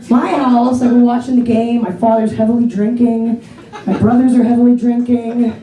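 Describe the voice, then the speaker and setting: Woman stand-up from the Pittsburgh area, chatty and self-deprecating, high voice, roomy and distant stage sound. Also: dark tone. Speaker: stand-up comedian. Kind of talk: stand-up comedy set. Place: comedy theater stage.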